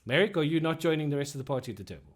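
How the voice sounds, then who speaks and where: A man's voice: fairly high pitch, lively intonation, racing. A man narrating as game master in a tabletop role-playing game, casual.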